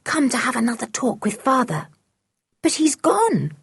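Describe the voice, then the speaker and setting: A woman voicing a fierce, loyal young tomboy girl in a storybook, calling out in high, urgent cries. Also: wildly swooping pitch, slow, gravelly, dry recording, clean studio sound, exaggerated voice. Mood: whispering.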